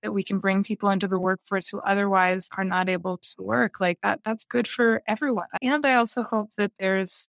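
A woman's voice: medium pitch, fairly even intonation, fairly quick, gravelly, few pauses, fairly bright tone, no room sound. A woman speaking candidly in a casual conversation, often laughing as she talks. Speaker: guest.

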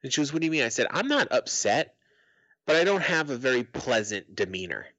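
A man's voice: medium pitch, sing-song, fairly quick, fairly bright tone, no room sound, muffled recording. A middle-aged man from Arizona telling a story in casual podcast chat, swearing freely and acting out the quotes. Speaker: podcast co-host.

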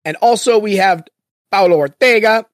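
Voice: medium pitch, normal speed, dry recording. Rambling podcast host, dry mic. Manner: rambling, jokey. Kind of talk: casual chat.

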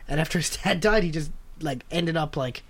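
A man's voice: on the high side, a little fast. A man co-hosting a podcast, telling a rambling story in casual chat with lots of fillers. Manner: laughing, rambling, full of fillers and swings in tone. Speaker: podcast co-host.

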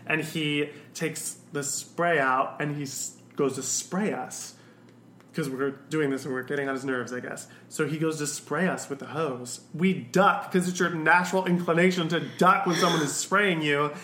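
A young man spins a rambling, animated anecdote full of fillers and restarts. His voice is bright and a little high. The room is echoey with a faint hiss behind him. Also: normal speed. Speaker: guest. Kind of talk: casual storytelling chat.

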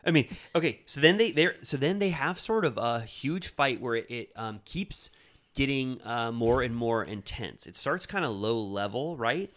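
A man's voice: medium pitch, moderate pace. A man co-hosting a podcast, chatting casually and animatedly as he recaps reality TV. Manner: chatty, animated, laughs loudly. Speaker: podcast co-host.

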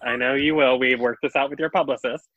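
Man playing a hapless ex-actor, bright tense voice, rambling, dull lo-fi dry sound. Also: medium pitch, fairly even intonation, brisk, natural voice. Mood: eager. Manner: eager, rambling, stumbling restarts. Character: hapless, overeager male former TV actor. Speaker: host. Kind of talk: improvised comedy podcast. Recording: dull lo-fi mic.

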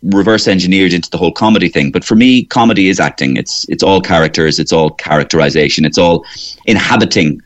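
A middle-aged Irish comedian telling rambling anecdotes in a radio interview. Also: male voice, deep voice, fast. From Ireland. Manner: rambling, anecdotal, slips into character voices. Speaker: comedian and impressionist.

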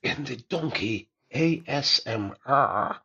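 A man's voice: medium pitch, animated, slow, gravelly, sharp tone, slightly rough, dull audio. A man leaving a joke ASMR voicemail, whispering and giggling while a hot tap runs. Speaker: listener voicemail caller.

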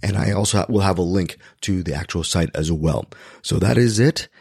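This is a hoarse man in his fifties hosting a podcast, his raspy voice sitting low and dry against the mic. He rambles and corrects himself as he goes. When he introduces a segment he pushes his pitch up with excitement. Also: moderate pace, dry recording. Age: 50s. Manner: rambling, frequent self-corrections, jumps to excited high pitch. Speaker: podcast host. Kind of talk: casual podcast chat.

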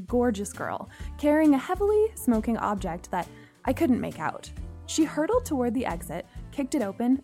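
A woman narrating a first-person story in an expressive, animated way. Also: a little high.

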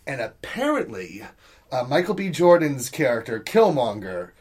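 A man's voice: medium pitch, moderate pace. A man co-hosting a casual podcast, reading out news items in a jokey way. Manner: lively, jokey. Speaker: podcast co-host presenting news. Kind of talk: casual chat.

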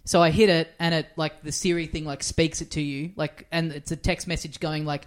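Animated Australian man telling stories. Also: a little high, brisk, few pauses. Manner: animated storyteller, swears freely. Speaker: podcast co-host. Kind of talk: casual comedy podcast chat.

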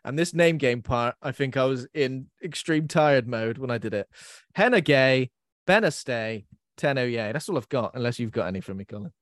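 A man's voice: mid-range voice, animated, moderate pace, no echo, studio quality. A man hosting a podcast in a casual chat, giggling and mocking himself as he stumbles over his words. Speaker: podcast host.

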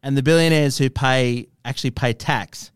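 Male podcast co-host, smooth and clear, dry close recording, wry banter. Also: medium pitch, fairly even intonation, moderate pace, dry recording. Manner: dry, wry quips and teasing questions. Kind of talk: casual chat.

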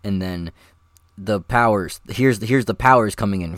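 A man's voice: lowish voice, normal speed, dry recording, clean studio sound. A man recording voice lines, chatting casually between takes and rambling through hesitant fillers. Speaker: voice actor.

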